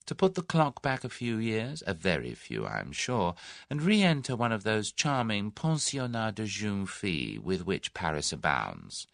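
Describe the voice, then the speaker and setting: A man's voice: on the low side, big pitch swings, measured pace, vocal fry, dry recording, clean studio sound, voice pushed up, full character voice. A man doing a suave scheming businessman. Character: smooth, scheming middle-aged businessman, genial then menacing.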